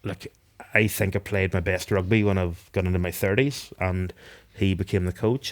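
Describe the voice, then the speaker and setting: A man in his thirties from Northern Ireland with a Northern Irish accent, answering interview questions thoughtfully with frequent restarts. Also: sits low. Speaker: guest, retired rugby captain.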